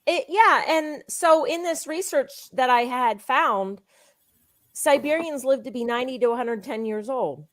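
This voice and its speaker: Woman guest, higher voice, dry close sound, pushes a product with eager testimony. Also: no echo. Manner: eager, insistent, fast storytelling. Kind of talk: sales pitch with personal testimony.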